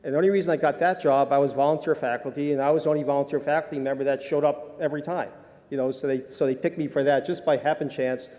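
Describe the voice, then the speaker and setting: An older man speaks at a conference with a mellow, dark tone, wandering through his stories with many ums and uhs. His voice carries a long reverb from the lecture hall around him, and he sounds amused at his own expense. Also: on the high side, fairly even intonation, fast talker. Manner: rambling, self-deprecating, many fillers. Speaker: conference speaker, sports medicine doctor. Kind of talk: conference talk with anecdotes.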